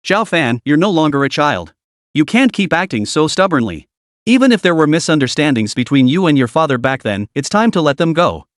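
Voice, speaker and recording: A man's voice: a little high, very animated, a little fast, no room sound, clean studio sound. A man voicing a scheming, arrogant middle-aged stepmother in an audiobook-style recap, coaxing one moment and icy the next. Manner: coaxing then icy, sly giggling.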